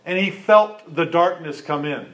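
A man preaching a sermon, retelling a scripture story and asking his listeners questions in a lively storytelling manner. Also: fairly high pitch, a little slow. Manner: storytelling, animated, asks the congregation questions. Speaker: pastor.

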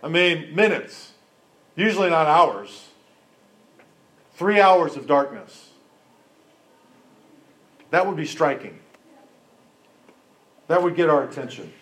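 Speaking slowly in a voice on the high side, a pastor delivers a sermon with frequent pauses. He tells the scripture as a story, asks his audience questions directly, and keeps an animated, conversational tone.

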